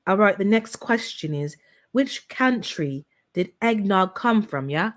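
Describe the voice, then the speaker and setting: A woman's voice: medium pitch, animated, measured pace. A woman hosting a casual live-stream holiday trivia game, chatty and playful, teasing her viewers. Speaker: livestream host running holiday trivia.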